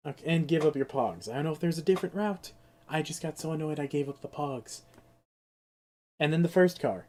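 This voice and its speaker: A man's voice: a little high, expressive, moderate pace, darkish tone. A young man with a sore throat ranting and swearing through a casual live-stream of a game. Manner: ranting, exasperated, swears freely.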